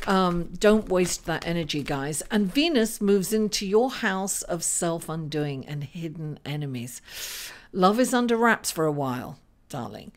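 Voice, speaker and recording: Astrologer, woman, casual and halting, slow pace, fond of saying darling. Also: medium pitch. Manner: unhurried, halting with many fillers, calls listeners darling. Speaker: astrologer doing tarot readings. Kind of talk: casual horoscope reading.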